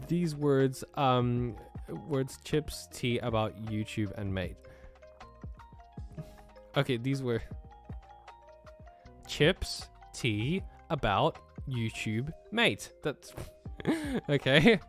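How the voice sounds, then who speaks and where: A man's voice: on the high side, wildly swooping pitch, takes it slowly, a bit bright, soft background music. A man with an American accent, raised in Australia, chatting casually on a live stream, reading out chat questions and laughing often. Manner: laughs often, easygoing, trails off with fillers.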